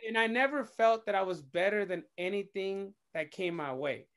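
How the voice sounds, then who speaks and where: High-voiced man telling an animated story. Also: normal speed. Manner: expressive, swears casually, acts out quoted dialogue. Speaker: DJ and radio host, interview guest. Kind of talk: animated storytelling in casual chat.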